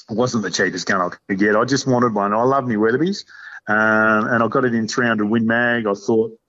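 An Australian man talks in a relaxed, rambling way, peppering his stories with blokey slang. His pitch sits in the middle range for a man. The recording sounds dull and lo-fi. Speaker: podcast guest. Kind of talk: casual chat.

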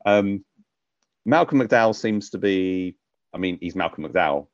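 Speaking a little slowly in a deep, expressive voice, the British podcast co-host gives a loose, rambling film review full of fillers and false starts. Sound is dry and muffled.

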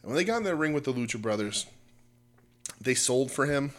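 A man's voice: medium pitch, lively intonation, brisk, a bit bright. A man co-hosting a podcast, chatting casually about wrestling in a rambling way, full of fillers and restarts. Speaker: podcast co-host.

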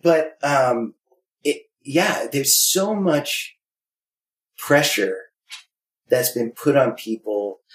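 A man's voice: mid-range voice, expressive, extremely slow, long pauses. A man talking candidly and animatedly, acting out quoted voices as he tells stories. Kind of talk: candid conversation. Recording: roomy echo.

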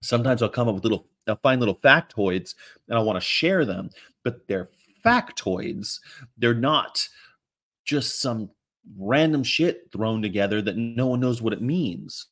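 A man's voice: mid-range voice, lively intonation, a little slow, fairly bright tone. A middle-aged man chatting casually on a stream, sarcastic and rambling, laughing often. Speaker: livestream host. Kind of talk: casual chat reacting to comments.

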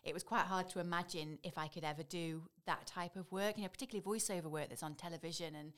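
A woman in her thirties speaks with a Staffordshire accent from the Stoke area. She talks quickly in a fairly low register, chatty and loose, sprinkling in "you know" as she goes. She is a voiceover artist being interviewed. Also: steady tone, fairly bright tone. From Stoke-on-Trent area, England. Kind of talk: casual conversational interview.

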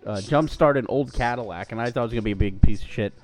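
A man's voice: mid-range voice, fast talker, darkish tone, faint music behind. A man co-hosting a podcast, telling a long profane story in casual chat and putting on quoted voices. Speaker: podcast co-host.

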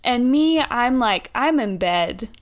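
A woman's voice: a little high, lively intonation, slow. A young woman in her twenties co-hosting a casual chat podcast, chatty and laughing often as she tells stories. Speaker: podcast co-host.

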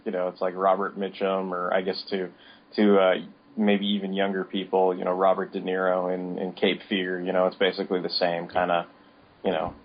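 A man's voice: deep voice, gravelly, a little hiss or hum. A man co-hosting a podcast, chatting casually in a rambling way with many restarts. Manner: rambling, full of restarts and fillers. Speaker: podcast co-host. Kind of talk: casual chat. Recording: dull lo-fi audio.

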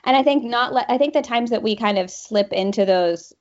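A woman's voice: a little high, a little fast. Affirming woman host, muffled sound. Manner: affirming, frequently saying "right" and "yeah". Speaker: podcast host. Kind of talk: faith conversation. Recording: slightly dull sound.

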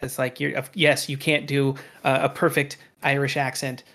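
A man's voice: medium pitch, flat delivery, normal speed, bright, forceful tone. A man in casual podcast chat, rambling with lots of fillers and casual swearing.

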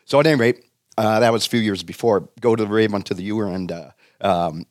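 A middle-aged man with a low voice tells a casual anecdote as a guest. He rambles and fills his pauses with "uh" and "um". The recording is dry and close. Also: no echo. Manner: rambling, many fillers. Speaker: guest, former sports community relations director.

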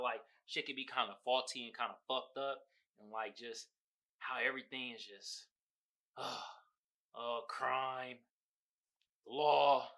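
A young man hosting a podcast, casually retelling a TV show and memes, animated, swearing freely and acting out quotes. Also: medium pitch. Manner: animated storytelling, swears a lot, acts out quotes. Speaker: podcast host. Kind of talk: casual chat.

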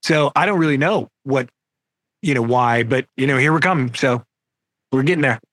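A man's voice: medium pitch, moderate pace, a bit bright, no echo. A man in his fifties, a rock singer guest, telling stories in a laid-back, candid way over a video call.

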